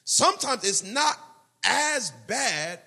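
A man preaching a sermon as pastor, animated, quoting prayers and scripture. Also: extremely high pitch, slow pace, creaky.

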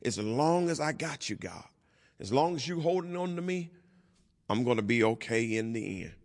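A male pastor leads a Bible study sermon with a very lively voice that climbs for emphasis and sinks to near quiet. His words ring out with a long reverb, as if in a large hall. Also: medium pitch, moderate pace. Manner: animated preaching, swings from loud to hushed.

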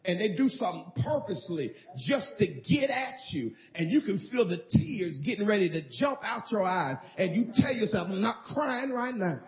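A man's voice: high voice, sing-song, normal speed, hardly any pauses. A man preaching a sermon as pastor, emphatic and calling for responses from the congregation.

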